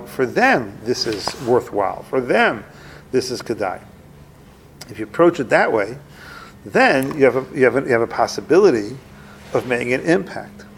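A man's voice: gravelly, a little hiss or hum. A man giving an informal religious talk in a conversational way, often acting out little dialogues and repeating phrases as he makes his point. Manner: conversational, plays out dialogues with rising pitch, repeats himself.

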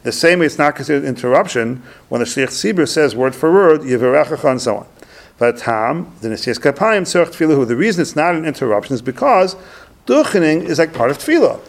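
A man's voice: on the high side, lively intonation, a little fast, vocal fry. A man teaching a religious text lesson, reading Hebrew phrases and then translating and explaining them in English, repeating points for emphasis. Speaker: Torah teacher. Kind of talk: Talmudic-style text study lesson.

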